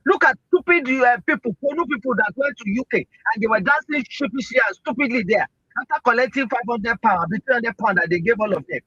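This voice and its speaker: A Nigerian man pours out heated political talk in a very high, sharp voice with a husky edge. He drives each point home with rhetorical questions. The sound is dull and lo-fi, as from an online audio stream. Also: lively intonation, fast, few pauses, no echo. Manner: impassioned, rhetorical, keeps asking "Eh?". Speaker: speaker in an online audio room.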